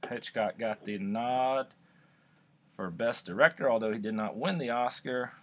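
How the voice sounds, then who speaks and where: A man's voice: mid-range voice, measured pace, fairly bright tone. A man co-hosting a casual podcast, rambling and joking over a beer with frequent restarts. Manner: rambling, jokey, restarts often. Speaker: podcast co-host. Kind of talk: casual chat.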